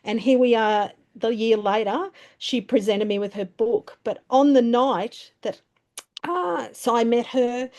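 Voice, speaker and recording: Mellow-voiced woman telling stories. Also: mid-range voice. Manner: warm anecdotal, many fillers and restarts. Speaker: webinar presenter. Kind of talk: storytelling talk.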